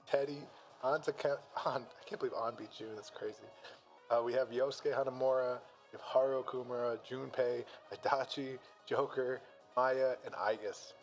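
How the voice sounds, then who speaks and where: A man with an average-pitched voice reads battle narration in a loose, casual way. He laughs often and breaks off for jokey asides. Faint music plays behind him. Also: low-quality recording. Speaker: streamer reading a fan-made battle story. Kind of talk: casual reaction and read-aloud narration.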